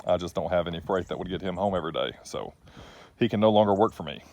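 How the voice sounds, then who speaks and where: A man's voice: sits low, fast, creaky, darkish tone, no room sound. A middle-aged man, rambling in a casual, folksy, self-deprecating way as he catches viewers up on his trucking business outdoors. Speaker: trucking business owner vlogger.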